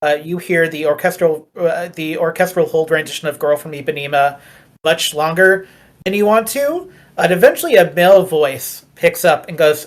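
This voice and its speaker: Relaxed GM, narrating with jokey tangents. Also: medium pitch, moderate pace. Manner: rambling, joking asides. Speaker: game master. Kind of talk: narrating a tabletop game.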